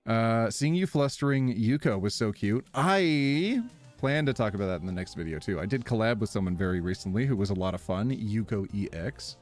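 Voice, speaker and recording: A man's voice, on the low side and a little fast, comes over faint background music. He's live streaming and chatting casually, reading his viewers' messages aloud with animated energy and lots of laughter.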